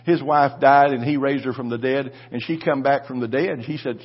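A man's voice: medium pitch, brisk, few pauses, husky, lo-fi sound. A man preaching a sermon, telling a personal story with fervent, repetitive delivery and calls for the congregation to respond. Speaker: pastor.

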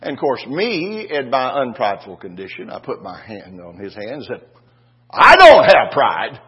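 A man's voice: on the low side, lively intonation, normal speed, husky, muffled recording. An older man preaching a sermon to a congregation in a folksy way, telling stories and often asking "Amen?". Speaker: pastor.

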